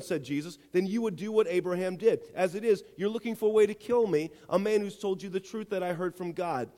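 A man's voice: high-pitched, a little mellow. A male pastor preaching a sermon and reading scripture, emphatic, repeating phrases and firing rhetorical questions at the congregation. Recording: long hall reverb.

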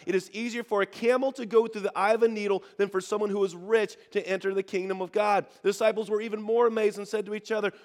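A man preaching a sermon to a congregation in a church, animated and leading them in call and response. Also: sits high. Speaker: pastor. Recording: hall reverb.

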